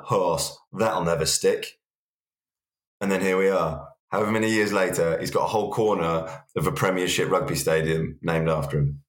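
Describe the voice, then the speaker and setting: A man co-hosting a casual rugby podcast, relaxed and jokey, with plenty of fillers. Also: deep voice, reverberant. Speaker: podcast co-host.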